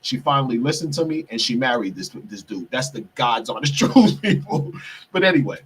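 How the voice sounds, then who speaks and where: Male podcast host, husky tone, a bit off-mic, profane storyteller who keeps saying "people". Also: medium pitch, sing-song, fairly quick, fairly bright tone. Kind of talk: heated storytelling monologue. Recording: distant mic, husky sound.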